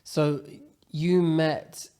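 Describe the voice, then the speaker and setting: A man's voice: fairly high pitch, little pitch movement, extremely slow, warm tone, clear, resonant tone. A young man, a guest in an interview, asking tentative questions full of fillers. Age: young adult. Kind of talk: casual interview conversation.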